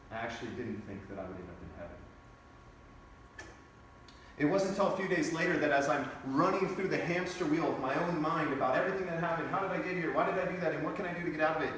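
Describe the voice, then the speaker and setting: An earnest young man tells his personal testimony, swinging between quiet reflection and intense, emphatic bursts. His voice sits at a middle pitch and is heard from a distance. A heavily reverberant space surrounds it. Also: a little hiss or hum. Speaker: speaker giving a testimony. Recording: very echoey, distant from the mic.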